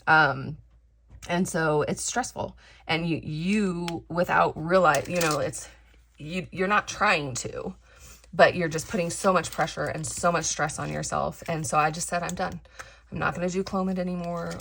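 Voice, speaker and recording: A woman's voice: deep voice, a bit bright. A woman in her thirties chatting candidly while crafting, rambling with many fillers and restarts, her voice slightly crackly from dry air. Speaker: craft vlogger. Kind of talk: casual chat while crafting.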